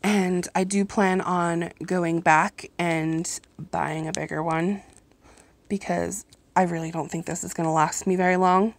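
A woman talks at an unhurried, drawn-out pace into a handheld phone at home. She gushes over what she unpacks and breaks off for small apologies, in an easy, chatty way. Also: lowish voice, fairly even intonation, vocal fry, dry recording. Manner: gushing, slow and chatty, apologetic asides. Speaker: vlogger reviewing products. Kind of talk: casual unboxing chat. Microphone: phone held in hand, then set down.

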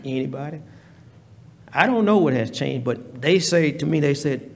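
A man preaching a sermon in a church, leading a prayer and telling stories in a slow, deliberate manner. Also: fairly high pitch, darkish tone, a little hiss or hum. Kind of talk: sermon with hymn singing and prayer. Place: church sanctuary. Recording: reverberant church hall.

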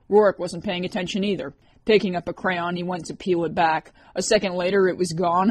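A woman's voice: on the low side, slightly rough. A woman narrating an audiobook chapter, reading the characters with their own voices. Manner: reads characters with distinct voices.

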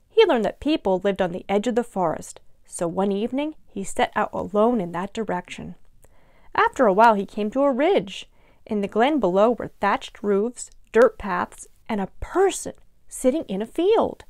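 A woman librarian reading a picture book aloud to young children in an expressive, animated way. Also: medium pitch, moderate pace, no room sound, studio quality. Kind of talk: children's storytime read-aloud.

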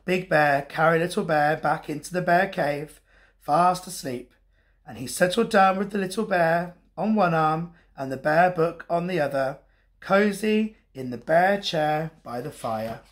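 A man and teacher reading a bedtime story to children in a gentle, expressive way. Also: on the high side, measured pace.

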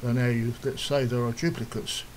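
A man calmly walking through a software task step by step, in a plain, instructive way, now and then clearing his throat. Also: medium pitch, normal speed, slight background noise, poor audio. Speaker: software tutorial presenter. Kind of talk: step-by-step screen tutorial.

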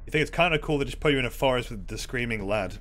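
A man's voice: mid-range voice, lively intonation, very fast, fairly bright tone, faint music behind. A man streaming a horror game, commenting casually with sarcastic, exasperated swearing.

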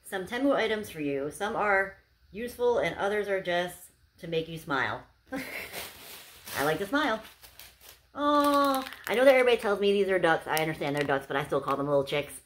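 A woman's voice: medium pitch, animated, a little fast, a bit bright, a little hiss or hum. A young woman chatting casually to camera as she unboxes gifts, gushing and bubbly, with lots of "like"s. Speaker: unboxing vlogger.

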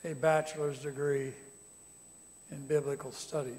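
A man preaching to a congregation, animated and rising to loud emphatic calls. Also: a little high, a little slow. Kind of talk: sermon to a congregation. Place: conference center hall. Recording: long reverb of a large hall.

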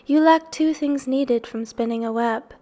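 A woman voicing a clever, patient female spider in a storybook reading, calm and precise. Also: high-pitched, measured pace. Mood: kindly.

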